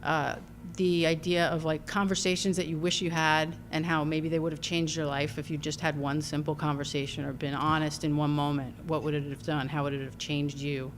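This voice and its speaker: Low-voiced Long Island woman, halting. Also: level tone, a little hiss or hum. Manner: thoughtful, halting with many ums and restarts. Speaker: filmmaker guest. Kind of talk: casual interview.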